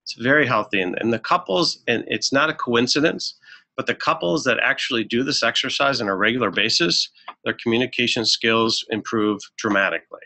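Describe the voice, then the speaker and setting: A man presenting a marriage webinar as a counselor, earnest and instructive, often pausing with fillers. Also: mid-range voice, vocal fry, bright, forceful tone. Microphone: webinar microphone.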